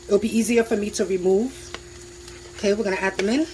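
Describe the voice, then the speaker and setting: A woman's voice: medium pitch, fast talker, darkish tone, a little hiss or hum. A woman casually narrating her home cooking for viewers in a chatty, enthusiastic way, talking from her kitchen stove. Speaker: home cook vlogger. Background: food sizzling in a pan.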